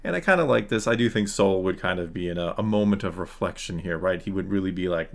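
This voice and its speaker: A man's voice: low voice, quick pace, gravelly, hardly any pauses. Sarcastic man recapping a show. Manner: sarcastic, frustrated critique. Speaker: YouTube reviewer. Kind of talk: casual episode recap.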